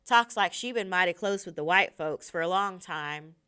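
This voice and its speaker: Low threatening young man, hostile and wary, woman reading him aloud, crisp voice. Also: normal speed, pushed and bright.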